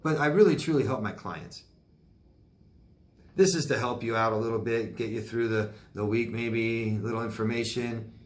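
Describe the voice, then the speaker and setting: A life coach with a mid-range voice answers viewer questions on video at normal speed. He's blunt and emphatic, repeating his advice and adding sympathetic sighs and exclamations.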